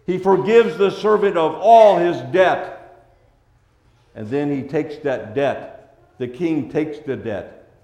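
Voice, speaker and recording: A man with a slightly high voice preaches a sermon as a pastor, in a reverberant space. He swings between hushed, tender passages and loud, forceful ones.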